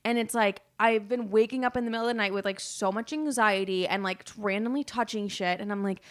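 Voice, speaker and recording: A woman's voice: mid-range voice, brisk. A woman in her twenties hosting her own podcast, chatting candidly and rambling, swearing freely and acting out quoted dialogue. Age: 20s. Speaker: podcast host. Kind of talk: casual chat.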